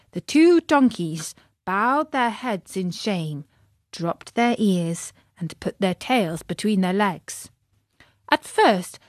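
Woman reading a storybook aloud, slow and gentle, dry close sound. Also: mid-range voice, dry recording. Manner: gentle, addressing young listeners. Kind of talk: scripted narration of a children's story.

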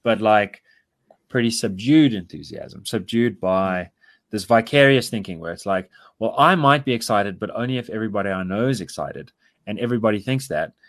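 A man's voice: fairly low pitch, moderate pace. A South African man co-hosting a podcast, talking politics in a rambling, casual way full of fillers. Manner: rambling, animated, filler-heavy.

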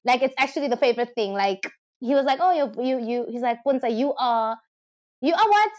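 Giggly high-voiced South African woman. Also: lively intonation, fairly quick, a little mellow, highs cut off. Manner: giggly, laughs often, chatty storytelling. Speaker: podcast co-host. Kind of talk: casual chat.

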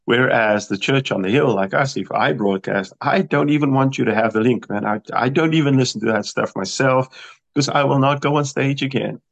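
A man's voice: mid-range voice, brisk, gravelly, highs cut off. A middle-aged South African man with a slightly American-tinged accent, a worship producer talking animatedly in an interview and restarting his phrases often. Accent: South African with some American. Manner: animated, emphatic, thinks aloud with restarts. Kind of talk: radio interview.

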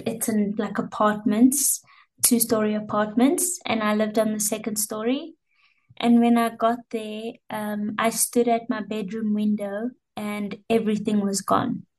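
A woman's voice: medium pitch, little pitch movement, slow, low-quality recording. A young woman, a guest, telling a personal story in a candid, emotional way. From South Africa. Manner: emotional, candid, repeats words and fillers.

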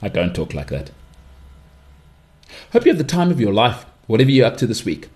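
A man with an English accent hosting his own podcast alone, giving strong opinions and often leaping into high-pitched mocking outbursts. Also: wildly swooping pitch, brisk, darkish tone. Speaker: podcast host. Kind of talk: solo podcast monologue.

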